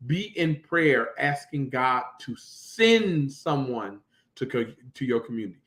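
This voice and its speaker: A man's voice: mid-range voice, big pitch swings, a little slow, a bit bright. A man preaching a sermon as pastor, building emphasis with repeated phrases. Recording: echoey room.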